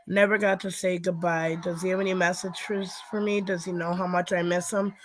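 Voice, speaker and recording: A woman's voice: fairly low pitch, level tone, moderate pace, slight background noise. A woman co-hosting a live stream, casually reading out viewers' messages. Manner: casual, reads messages aloud. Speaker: co-host reading out questions.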